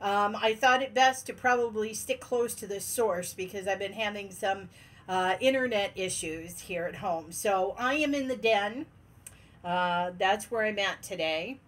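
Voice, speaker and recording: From the den of her home, a woman with a mid-range, unhurried voice hosts a casual livestream. She's bubbly and laughs often while greeting her viewers one by one.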